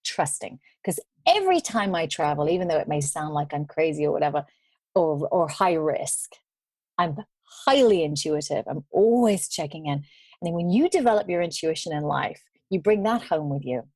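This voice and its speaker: A woman guest on a podcast, telling travel stories in casual conversation, animated and laughing now and then. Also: low-pitched, normal speed, dry recording.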